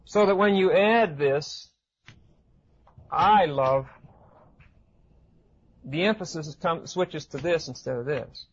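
A man giving an expository Bible lecture to a class, pausing often with fillers and checking in with his listeners. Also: on the high side, breathy edge. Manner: hesitant with frequent uh fillers, asks class questions. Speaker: Bible teacher. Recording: dull lo-fi recording.

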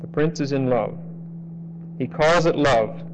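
A man's voice: medium pitch, creaky, a little hiss or hum, rough recording. Conversational male Bible teacher. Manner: conversational, checks in with "okay?", slows to stress key phrases. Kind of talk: expository sermon.

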